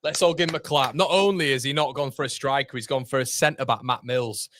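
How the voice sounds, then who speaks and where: A man chatting excitedly on a live stream, reacting to the chat and the football match as he watches. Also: medium pitch, quick pace, hardly any pauses, no echo, studio quality.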